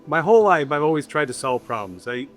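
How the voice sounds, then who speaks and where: A man's voice: a little high, sing-song, fast, soft background music. A man from New York, a guest on a podcast, telling his life story in a friendly, easy way. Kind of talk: casual interview talk.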